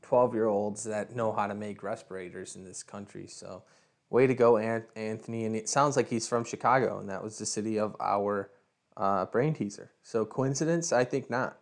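A man's voice: lowish voice, moderate pace. A man co-hosting a casual podcast, joking around and explaining his project step by step. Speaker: podcast co-host.

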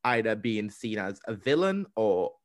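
A young man co-hosting a podcast, chatting in a lively way, acting out what people said and restarting his sentences. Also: fairly low pitch, measured pace, dry recording, studio quality. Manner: animated storytelling, acting out quotes with restarts. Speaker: podcast co-host. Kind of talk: casual interview chat.

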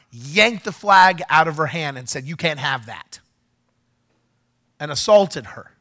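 A male pastor telling a story during a sermon, animated and getting loud when he acts out what was said. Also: a little high. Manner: animated, shouts when acting out quotes. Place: church.

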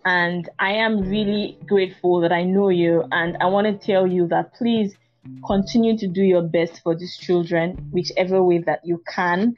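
A woman's voice: fairly low pitch, fairly even intonation, normal speed, soft background music. Heartfelt woman host, lo-fi audio. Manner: heartfelt, emotional, speaks warmly and thankfully. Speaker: interview host. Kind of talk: podcast interview.

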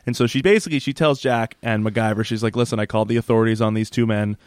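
A podcast co-host with a fairly low voice and fairly even intonation recaps an episode in casual chat, laughing often and acting out characters' lines in quick put-on voices. The studio sound is clean, with no room sound.

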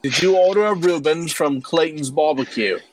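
A man's voice: on the high side, normal speed, slight background noise, lightly acted. A man faking a polite British courier. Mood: bluffing. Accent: fake British. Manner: over-polite, stammering excuses.

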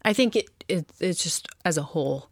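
A woman co-host with a lower voice chats casually, playful and quick to poke fun at herself. Her voice sounds dry and close to the mic. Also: animated, husky, no echo. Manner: playful, self-mocking. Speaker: podcast co-host. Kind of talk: casual chat.

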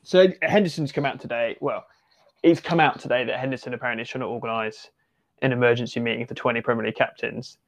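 A man talking football in a loose, rambling way, full of fillers and restarts, his voice sitting at an ordinary middle pitch. He sounds like he is thinking aloud, circling back to finish his points. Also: steady tone, fast. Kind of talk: casual football discussion.

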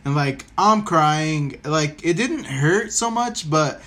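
A man's voice: fairly high pitch, expressive, slow pace, a bit bright. A man hosting a podcast, telling a rambling story in casual chat and swearing freely. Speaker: podcast host.

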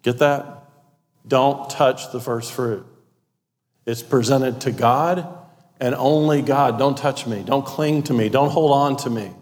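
A man's voice: medium pitch, takes it slowly, a little mellow. A man preaching a sermon, emphatic and repetitive, with conversational asides to the congregation. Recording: long hall reverb.

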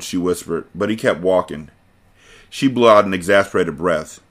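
A man's voice: sits low, normal speed. A man hosting a podcast, reading a novel aloud casually and breaking off to joke and comment.

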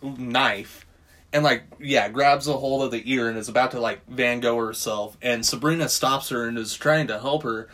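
A man's voice: mid-range voice, normal speed, fairly bright tone. Rambling, swearing man recapping a movie. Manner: rambling, swears freely, acts out quotes. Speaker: podcast co-host recapping a film. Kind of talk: casual chat.

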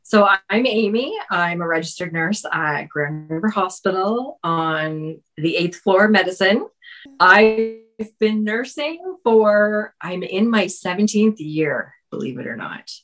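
This is a woman in her forties, a guest nurse in a casual interview. She speaks slowly and modestly, and she laughs easily. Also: medium pitch, lively intonation, a bit bright, faint music behind, low-quality recording.

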